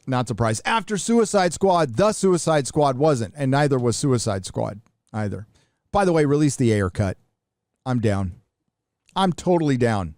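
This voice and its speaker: A middle-aged American man hosts a casual live show, talking bluntly with swearing and lots of restarts. His voice sits at an ordinary pitch for a man. It is recorded on a close, dry mic with no room sound. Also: very animated, moderate pace, darkish tone, no room sound. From United States. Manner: blunt, profane, rambling with restarts. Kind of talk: casual livestream commentary.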